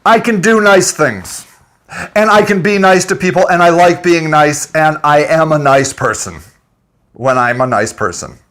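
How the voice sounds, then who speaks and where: A man's voice: on the high side, measured pace, fairly bright tone. A man delivering an angry, profane, unscripted rant to his audience, breaking into laughter between points. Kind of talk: unscripted ranting monologue.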